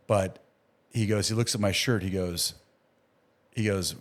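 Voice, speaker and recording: A man with a fairly low voice tells a story as a guest on a podcast. He talks like an emergency doctor reliving his experiences, animated and acting out the dialogue. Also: moderate pace. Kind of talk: casual storytelling interview.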